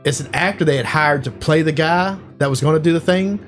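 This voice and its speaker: A man co-hosting a casual podcast, rambling through an animated retelling with lots of fillers. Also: a little high, brisk, faint music behind. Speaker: podcast co-host. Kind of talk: casual chat.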